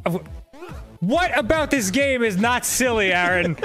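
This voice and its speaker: A man's voice: very high voice, animated, normal speed, sharp tone, faint music behind. A man co-hosting a gaming show, giving casual gameplay commentary, exasperated, swearing often and laughing a lot.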